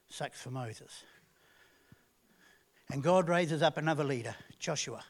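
A man preaching a sermon, retelling a story in a lively way with frequent restarts. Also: on the high side.

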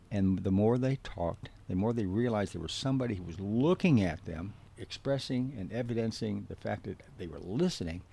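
A man's voice: lowish voice, creaky, mellow, breathy edge. A man giving a spoken teaching talk on counseling, earnest and direct, repeating key points for emphasis. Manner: gives direct instructions to the listener. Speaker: biblical counseling instructor.

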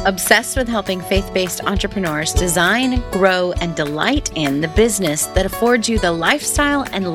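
A woman's voice: medium pitch, dry recording, studio quality. Earnest woman hosting a faith-based podcast. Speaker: podcast host. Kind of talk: podcast monologue and outro.

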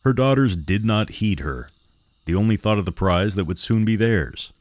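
A man narrating a horror story for a podcast in a measured, steady way. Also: on the low side, no echo.

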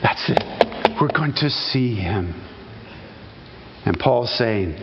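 Animated male pastor in a reverberant hall. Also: medium pitch, slow pace, pauses often, slight background noise. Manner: animated storytelling, exclaims loudly, then hushed prayer. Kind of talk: sermon with personal story. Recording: long hall reverb, dull sound.

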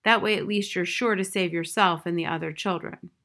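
A woman reading the lines of a wise, formal male owl in a grave, measured manner. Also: fairly low pitch, steady tone, a bit bright. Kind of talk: audiobook reading.

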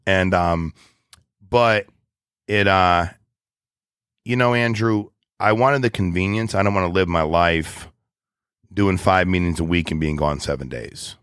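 A man's voice: sits low, a little slow, long pauses, a bit bright, clear, resonant tone, no room sound, studio quality. A man in his forties talking casually in an interview, rambling and blunt, full of slang like "dude" and "ain't". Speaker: guest, business owner.

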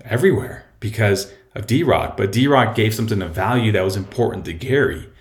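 Slightly breathless, the male host chats through a casual solo podcast from his home, restarting often and leaning on fillers as he rambles. His voice is lowish, animated and fairly quick, bouncing around an echoey room.

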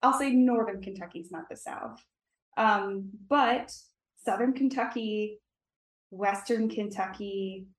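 A woman's voice: mid-range voice, roomy sound, far from the mic. A woman from Indiana, an editor, answering casually, emphatic yet full of fillers. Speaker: newspaper editor.

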